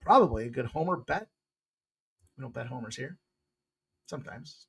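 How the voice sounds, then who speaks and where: A man hosting a sports betting picks show, talking casually in a loose, jokey way with bursts of loud excitement. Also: medium pitch, normal speed, breathy edge.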